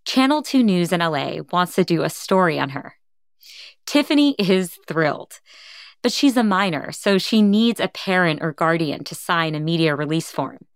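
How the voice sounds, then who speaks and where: A woman host narrating the story in a calm, scripted way and asking her guest short questions. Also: fairly low pitch, moderate pace, clear, resonant tone, no room sound, clean studio sound.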